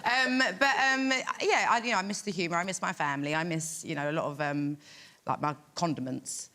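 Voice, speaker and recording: A woman's voice: on the low side, fairly quick. A woman with a London accent chatting as a guest on a chat show, full of fillers and laughs. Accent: London English. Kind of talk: casual chat show talk. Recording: noisy chat show studio.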